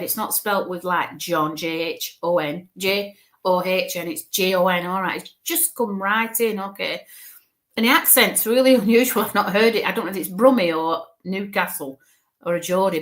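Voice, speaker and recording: A woman giving a live mediumship reading in a mid-pitched voice. She chats and reassures as she goes. She thinks aloud, sprinkling in "okay" and "bless you" as she passes messages on. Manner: thinks aloud while relaying spirit messages. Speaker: spirit medium.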